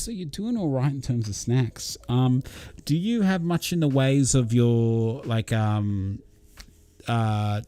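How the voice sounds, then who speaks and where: A man's voice: mid-range voice, dark tone. A man hosting a casual live stream, rambling and chatty as he reads out viewer comments, with many ums and uhs. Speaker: livestream host.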